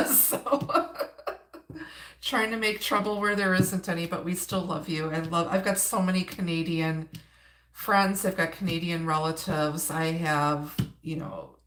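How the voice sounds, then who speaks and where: A woman from Wisconsin, United States, with an Upper Midwest accent, gives a chatty tarot reading on a live stream. Her voice is lowish and a bit bright. She greets viewers and laughs between cards, and the recording has a roomy echo.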